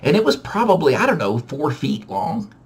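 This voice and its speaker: Animated husky male storyteller. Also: a little high, normal speed. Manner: animated, self-mocking, with many restarts. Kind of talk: casual personal storytelling.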